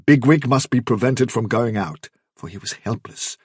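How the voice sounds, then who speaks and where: A man narrating a story in a measured, hushed way. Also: mid-range voice, breathy edge, dry recording, clean studio sound. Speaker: audiobook narrator. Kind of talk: scripted narration.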